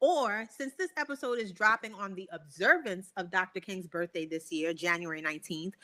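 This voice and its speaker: A woman hosting a podcast interview, playful and laughing often, throwing in quick hype interjections. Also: mid-range voice, sharp tone. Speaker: podcast host. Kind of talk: casual interview chat.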